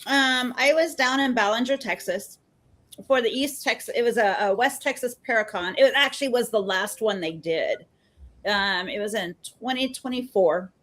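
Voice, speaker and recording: A woman in her fifties talks as a podcast guest. Her voice sits a little high, and she tells stories with an easy, chatty energy. She slips into the voices of the people she quotes. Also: normal speed. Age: 50s. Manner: chatty and animated, acts out quoted dialogue. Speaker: podcast guest, mental health therapist. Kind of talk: casual storytelling in a podcast interview.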